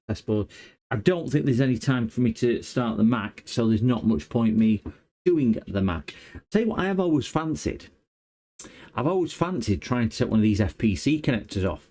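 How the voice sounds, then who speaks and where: A man's voice: medium pitch, expressive, moderate pace, a little mellow. A man chatting casually on a repair livestream, rambling and hesitant with many fillers. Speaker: electronics repair streamer.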